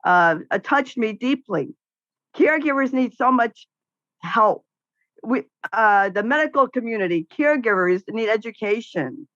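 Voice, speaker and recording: A woman's voice: a little high, unhurried, no echo, muffled recording. A middle-aged woman, a podcast guest, talking casually and outspokenly about caregiving, telling stories with laughs. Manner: outspoken, animated storytelling with laughs. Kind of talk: casual interview conversation.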